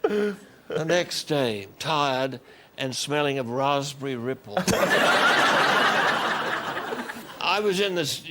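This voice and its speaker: An older Australian man telling wry stories as a guest on a chat show. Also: mid-range voice. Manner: wry, unhurried storytelling. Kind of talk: anecdotal chat show talk. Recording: noisy television studio.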